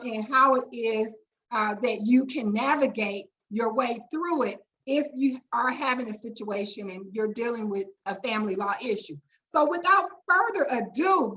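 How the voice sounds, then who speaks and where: High-voiced chatty woman hosting a webinar. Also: poor audio. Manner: chatty, warm asides and colloquial "y'all". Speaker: webinar host and attorney. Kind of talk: lively webinar introduction.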